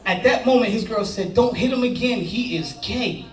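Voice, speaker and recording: A man doing a stand-up set, telling a story with animated, acted-out voices on stage. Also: sits high, normal speed. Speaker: stand-up comedian. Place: comedy club stage with audience laughter. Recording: roomy, from far off, crowd laughter.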